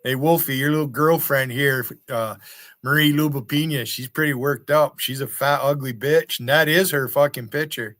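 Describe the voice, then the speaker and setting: With a mid-range, slightly bright voice, fairly even intonation and a moderate pace, an American livestream host rants profanely at people in his chat, taunting and mocking them. The recording is studio quality with no echo.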